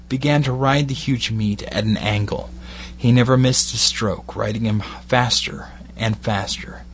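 A Glaswegian man narrating an erotic story in a measured, steady delivery with short phrased pauses. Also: mid-range voice, a little hiss or hum.

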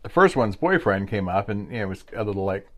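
A man's voice: on the low side, big pitch swings, quick pace. A man shares stories on a casual podcast. His talk rambles and circles back with plenty of fillers and asides, candid and easy, with laughter breaking in. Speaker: podcast co-host. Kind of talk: casual storytelling chat.

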